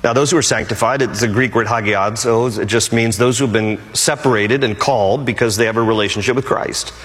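A man's voice: medium pitch, brisk, fairly bright tone, long reverb tail. A male pastor preaching a sermon emphatically and repeating his key phrases.

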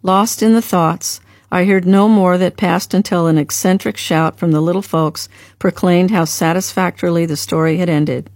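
A woman reads a devotional story aloud in a calm, reverent, measured way. Her voice sits on the low side. The recording is close and dry, with no room sound. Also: dry recording. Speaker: narrator. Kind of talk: audiobook reading of a devotional story.

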